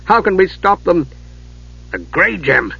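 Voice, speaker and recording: A man's voice: sits high, sing-song, measured pace, gravelly, pushed and bright, breathy edge, voice pushed up, exaggerated voice. An anxious young male mage, read by a man presses with urgent questions and calls in a raised voice. The audio is dull and lo-fi.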